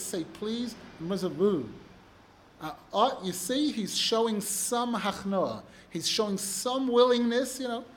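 A man with a notably high voice reads Hebrew passages aloud, then translates and explains them. His emphasis swells as he pleads a point. A faint noise sits underneath the recording. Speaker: Torah teacher. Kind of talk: text study class.

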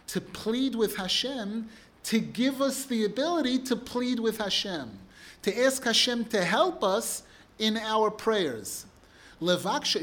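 A man's voice: sits high, fairly bright tone, a little hiss or hum. A man teaching a religious text class, who reads passages in Hebrew and then explains them with rising emphasis. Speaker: Torah teacher.

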